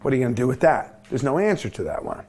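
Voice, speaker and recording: Animated man giving a medical lecture. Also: mid-range voice, fast. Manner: animated, acts out little dialogues with shifting voices. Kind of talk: board review lecture.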